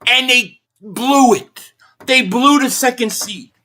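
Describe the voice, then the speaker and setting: A man's voice: extremely high pitch, slow, sharp tone. A man hosting a live stream, angrily ranting about a football game, swearing bluntly and repeating his points while reading viewer messages. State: angry.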